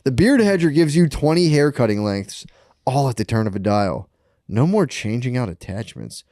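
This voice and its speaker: A man's voice: medium pitch, very animated, moderate pace, warm tone, dry recording. Man reading a podcast ad, dry close sound. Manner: joking, playful. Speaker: podcast co-host. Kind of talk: casual podcast banter and read ad.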